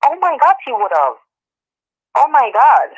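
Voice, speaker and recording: A woman speaks as a former nanny and guest in a casual interview. She tells her story with lively, animated delivery, jumping up in pitch to act out quotes and laughing now and then. The audio is dull and lo-fi, like a call. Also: measured pace.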